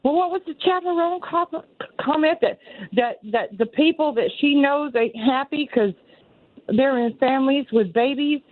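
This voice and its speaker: A woman's voice: sits high, moderate pace, dry recording. A woman in her sixties with a Southern accent, calling in to a radio show and telling her story in an earnest, rambling way, often repeating herself. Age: 60s. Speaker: caller. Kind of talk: call-in radio talk. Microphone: telephone. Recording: tinny phone line.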